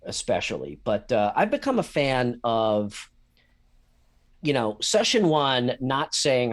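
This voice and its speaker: Animated rambling man co-hosting a chat. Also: medium pitch, moderate pace. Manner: rambling, hedging, laughs often, swears. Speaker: podcast co-host and game master. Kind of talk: casual chat.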